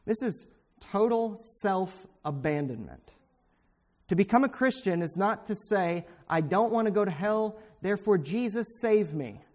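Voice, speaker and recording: A man's voice: high voice, animated, a little slow, darkish tone. A man preaching a sermon in a fervent, exhorting way, speaking straight at his listeners with sudden emphatic bursts. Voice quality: pointed, direct address to listeners.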